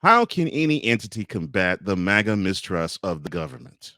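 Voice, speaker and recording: A man's voice: low-pitched, very animated, moderate pace, bright, forceful tone, no room sound, studio quality. Sarcastic man reading news aloud. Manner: sarcastic asides while reading headlines. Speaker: podcast co-host. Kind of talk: casual political chat, reading news.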